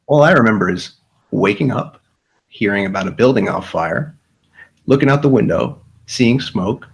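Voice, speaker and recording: A man's voice: lowish voice, animated, moderate pace, gravelly, husky, rough recording. A man hosting a casual livestream, rambling and profane, often repeating himself. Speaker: livestream host.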